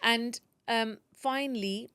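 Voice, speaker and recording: A woman's voice: fairly high pitch, slow pace, bright, forceful tone, clean tone, no room sound. A woman who is a podcaster and teacher, talking as a guest in a casual interview. She speaks emphatically, repeats phrases and often restarts her sentences.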